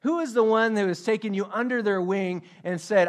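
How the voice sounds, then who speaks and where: A man's voice: high voice, moderate pace. A man preaching a sermon as pastor, emphatic, repeating his questions and joking about himself. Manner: self-deprecating humor.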